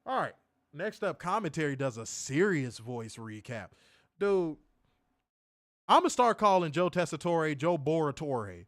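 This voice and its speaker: Livestream wrestling reviewer, male, lively and profane, higher-pitched, dry mic. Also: measured pace, dry recording. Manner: animated, profane, slangy, reads chat aloud.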